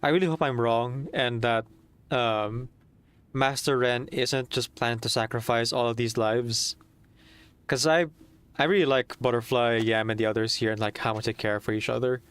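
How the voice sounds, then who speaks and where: A man's voice: mid-range voice, steady tone, normal speed, fairly bright tone, clear, resonant tone. A man streaming a game, chatting casually and rambling with many fillers.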